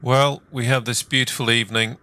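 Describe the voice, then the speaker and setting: A man hosting a flight simulator video, chatting in a relaxed, casual way and filling gaps with "uh". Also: medium pitch, a little fast, dry recording. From England. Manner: relaxed, chatty, lots of "uh" fillers. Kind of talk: casual gameplay commentary.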